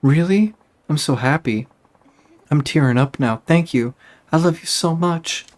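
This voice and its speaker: A man's voice: medium pitch, moderate pace, lightly acted. A man reading aloud for a young woman, a sweet, emotional girlfriend in a video game, in a raised voice. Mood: gushing. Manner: gushing then hurt, emotional.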